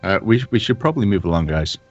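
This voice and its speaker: A man's voice: sits low, big pitch swings, fast, muffled recording, faint music behind. A man playing a tabletop game, speaking hesitantly and repeating words. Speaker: player. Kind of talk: casual tabletop game chat.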